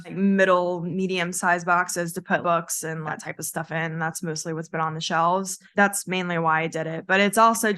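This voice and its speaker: A woman's voice: fairly low pitch, sharp tone. A woman co-hosting a podcast, chatting casually and laughing through her stories. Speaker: podcast co-host. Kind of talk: casual chat.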